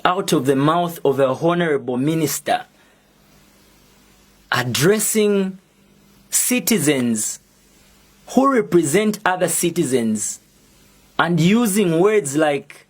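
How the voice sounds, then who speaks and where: Slow, defiant Zambian man. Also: a little high, expressive, breathy edge. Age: young adult. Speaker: activist. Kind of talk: prepared public statement.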